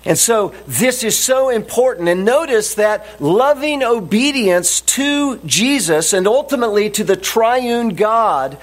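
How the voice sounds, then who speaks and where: A man preaching a sermon as a pastor, deliberate and emphatic, repeating his key phrases. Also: high voice, animated.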